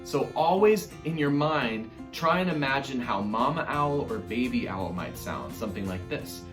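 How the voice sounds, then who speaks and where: A man's voice: mid-range voice, lively intonation, moderate pace, a bit bright, reverberant. A man teaching an online music lesson to young children in an upbeat, encouraging way, speaking directly to his class.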